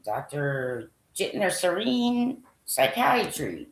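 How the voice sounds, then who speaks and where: Female vlogger, low and gravelly, lively rambling delivery, whispers while reading lists; echoey room. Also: a little slow, few pauses, a little hiss or hum. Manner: thinking aloud, rambling, trailing off with frequent fillers. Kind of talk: casual commentary while browsing a website.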